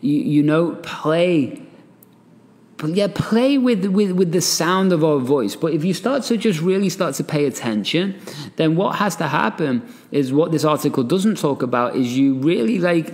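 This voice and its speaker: Brief: a male podcast host with a higher-pitched voice, animated and conversational, in a room with long reverb. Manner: animated, chatty, laughs often, asides with "right?". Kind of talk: solo podcast talk, reading an article aloud.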